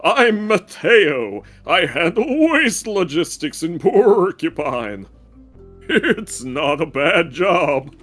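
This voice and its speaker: Streamer guy reading a grumpy slow-talking garbage man, swoopy tone, game music faint behind. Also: fairly high pitch, big pitch swings, fairly bright tone, full character voice. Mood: grouchy. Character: grouchy male garbage worker, hardworking. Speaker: voicing a game character.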